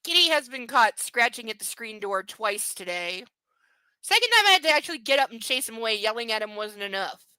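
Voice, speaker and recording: A woman's voice: a little high, sing-song, a little fast, sharp tone, smooth, dry recording. A woman streaming a live book reading from home, breaking in with blunt, crude, sarcastic asides. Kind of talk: live reading with casual commentary.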